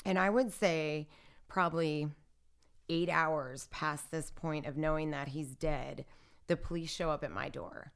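A woman's voice: low-pitched, a little slow, gravelly. A woman telling a personal story in casual conversation, acting out what others said and using lots of "like". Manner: animated retelling, acts out what others said; filler-heavy, lots of "like" and "I'm like". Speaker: interview guest.

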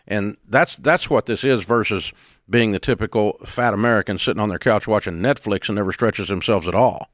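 A man's voice: fairly low pitch, brisk, no echo, clean studio sound. A middle-aged man hosting a call-in advice show, talking in a blunt, folksy, emphatic way. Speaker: radio show host.

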